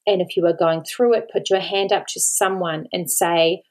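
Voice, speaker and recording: In a lowish, steady, somewhat mellow voice at a moderate pace, an Australian woman talks by herself on her podcast. The host and mother is earnest and pleading, close to tears, and she repeats words for emphasis.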